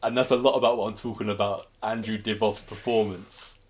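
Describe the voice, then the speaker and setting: A man co-hosting a casual film review podcast, retelling plots in an animated way with frequent restarts. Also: lowish voice, fairly quick. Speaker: podcast co-host.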